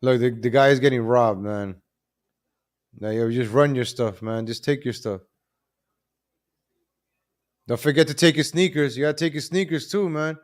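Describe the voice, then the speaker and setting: A man hosting a live commentary stream, animated and repetitive, calling out to viewers as ladies and gentlemen. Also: medium pitch, moderate pace, long pauses. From New York.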